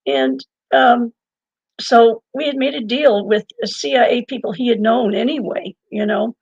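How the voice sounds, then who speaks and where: An older woman being interviewed, telling a long personal story in a lively way, laughing now and then and restarting her sentences. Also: fairly high pitch, unhurried, breathy edge, no room sound, dull audio. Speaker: interview guest and author. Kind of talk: conversational storytelling.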